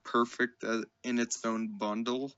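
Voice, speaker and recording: A man's voice: mid-range voice, level tone, measured pace, a bit bright, a little hiss or hum. A young man co-hosting a casual podcast chat, earnestly explaining and finishing his friend's sentences. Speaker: podcast co-host. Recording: dull lo-fi sound.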